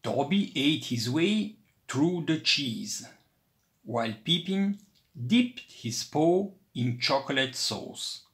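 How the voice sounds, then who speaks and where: Slow, expressive man reading a picture book. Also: on the high side. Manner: expressive, unhurried storytelling. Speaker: storybook reader. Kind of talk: children's storybook read-aloud.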